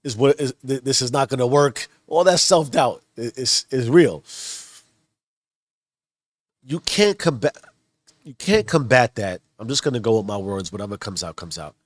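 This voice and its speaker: A man's voice: mid-range voice, lively intonation, moderate pace, pauses often, no room sound. A married man with children talking in a casual motivational monologue, earnest and rambling with many restarts. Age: adult, married with children. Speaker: self-improvement vlogger.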